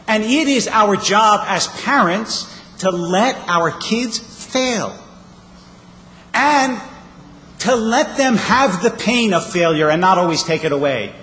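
A man's voice: high-pitched, pushed and bright, slight background noise. Man preaching in a reverberant hall. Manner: storytelling with wry humor. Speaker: rabbi. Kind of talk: sermon. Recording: reverberant hall, faint ambience.

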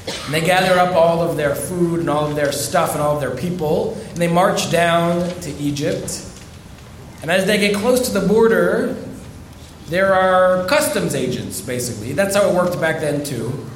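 A man, a rabbi, giving a storytelling sermon, delivered with dramatic pauses. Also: on the high side, echoey room, slight background noise.

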